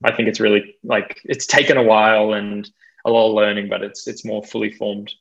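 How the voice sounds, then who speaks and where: A young Australian man chatting casually as an interview guest, self-deprecating and quick to laugh, with plenty of fillers. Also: lowish voice, little pitch movement, creaky, a bit bright, highs cut off. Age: young adult. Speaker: guest DJ and producer.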